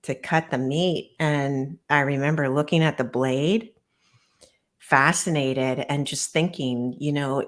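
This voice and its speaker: A middle-aged woman with a low voice tells her own story as an interview guest. She speaks in an earnest, measured way, pausing to recall painful memories. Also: fairly even intonation. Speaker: guest author.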